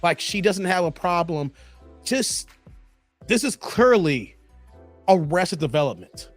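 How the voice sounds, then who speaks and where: A man hosting a live commentary stream, animated, laughing often and talking to his chat by name. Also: high voice, slow pace, soft background music.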